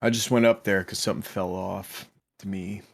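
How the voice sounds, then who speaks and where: A man's voice: low-pitched, fairly even intonation, moderate pace, vocal fry, no room sound. A man voicing a wary streetwise smuggler. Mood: guarded.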